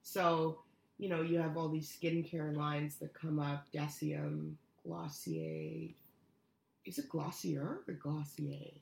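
A woman's voice: low-pitched, slow pace, vocal fry, a little mellow, roomy sound. A woman co-hosting a podcast in casual chat, hesitant and full of fillers. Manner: hesitant, many fillers and restarts. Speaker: podcast co-host.

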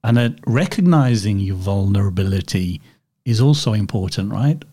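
A man hosting a casual interview, chiming in with relaxed, agreeable remarks. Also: lowish voice, normal speed, slightly rough. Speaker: interview host.

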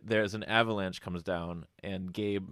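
A man's voice: deep voice, fairly even intonation, measured pace, fairly bright tone, dry recording, clean studio sound. A man co-hosting a podcast, recapping a film's plot with wry asides in casual chat. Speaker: podcast co-host.

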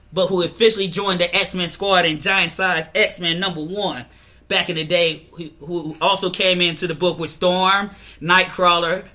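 A man with a bright, fairly high voice chatting casually on a podcast. He explains comic-book lore at length with clear enthusiasm, piling on names and details. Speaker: podcast co-host.

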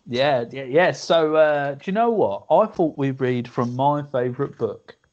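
A man's voice: mid-range voice, animated, unhurried, darkish tone. A man, co-hosting a podcast in playful casual chat, laughing often. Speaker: podcast co-host. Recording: dull lo-fi audio.

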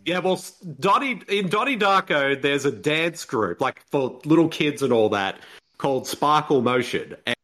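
A man's voice: a little high, lively intonation, moderate pace, fairly bright tone. An Australian man co-hosting a podcast, joking around in casual banter and laughing often. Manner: jokey, laughs often, drops into silly put-on voices. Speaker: podcast co-host.

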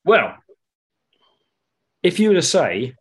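A man's voice: on the high side, sing-song, slow, breathy edge. A man co-hosting a casual football podcast, talking in a rambling, hesitant way full of ums and restarts. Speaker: podcast co-host.

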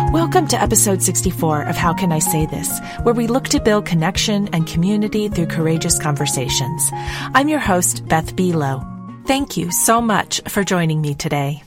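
A woman hosting her own podcast, talking through a prepared solo episode in a measured, reflective way with gentle emphasis. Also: medium pitch. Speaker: podcast host. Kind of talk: scripted solo podcast talk.

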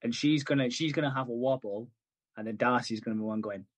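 A man's voice: medium pitch, quick pace, no echo. Male podcast co-host, loose sweary recap voice, dry close mic. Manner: sweary, rambling, acts out characters' lines. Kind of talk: casual chat recapping a soap.

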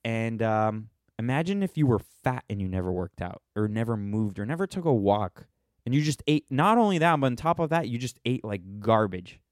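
A man's voice: medium pitch, big pitch swings, moderate pace, no echo, studio quality. A man in his thirties hosting a livestreamed podcast, talking in a rambling, sarcastic way with many restarts. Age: 30s. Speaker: podcast host. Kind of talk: livestreamed monologue.

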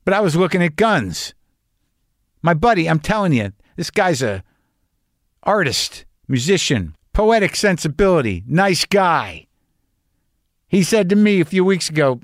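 A man in his fifties talks straight into a close, dry mic, his voice a touch higher than most men's. He rambles in a wry, confessional way, mixing profanity with earnest musing, like a host opening his show. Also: big pitch swings, a little slow, pauses often, dry recording. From New Mexico. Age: 50s. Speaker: podcast host. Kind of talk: casual monologue.

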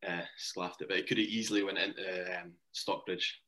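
A man's voice: sits low, flat delivery, fairly quick, bright, forceful tone. A young man, a cricket player as guest, telling casual stories and laughing along. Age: young adult. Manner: chatty, laughs while telling anecdotes. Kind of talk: casual interview storytelling.

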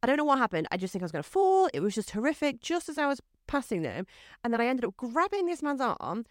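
On a studio microphone with a clean sound and no room echo, a woman with a sing-song voice on the high side talks fast. She's a guest on her husband's podcast, rambling through stories in casual chat packed with fillers.

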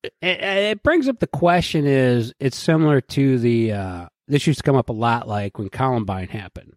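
A male podcast host in loose, profane banter, his pitch bouncing up and down as he acts out quotes. He sounds close and dry on a studio mic, with no room around him. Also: animated, moderate pace, no room sound.

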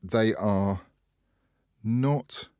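A man hosting a casual chat show, talking in a chatty way, laughing often and trailing off quietly. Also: lowish voice, drawn-out words, smooth, no echo, clean studio sound. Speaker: podcast host.

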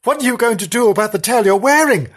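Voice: mid-range voice, animated, fast talker, voice pushed up, natural voice. A storyteller voicing Bernard, a fussy male cat in a children's story who coaxes and chides his friend. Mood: chiding.

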